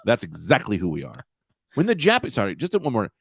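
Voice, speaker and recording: Animated sarcastic podcast man. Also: fairly low pitch, a little fast, gravelly, husky, no echo, clean studio sound. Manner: animated, sarcastic, swearing riffs. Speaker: podcast co-host. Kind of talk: casual comedic chat.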